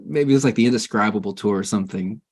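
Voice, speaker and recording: A man's voice: fairly low pitch, fast, husky. A man hosting a casual interview, friendly and self-deprecating as he asks questions. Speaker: interview host.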